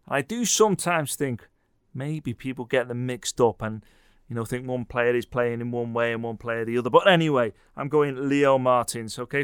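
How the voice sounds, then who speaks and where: Jokey podcast host, mid-pitched man. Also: clean tone, no room sound, studio quality. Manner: jokey, teasing banter. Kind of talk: casual podcast chat.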